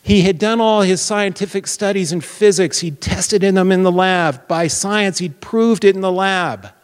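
A man preaching a Bible teaching sermon, explaining deliberately and posing questions to his listeners. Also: high voice, clean tone. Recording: long reverb of a large hall.

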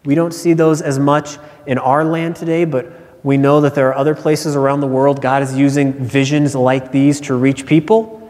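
A man's voice: medium pitch, level tone, moderate pace, darkish tone. A male pastor preaching a sermon in earnest, stressing key phrases by repeating them. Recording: long hall reverb.

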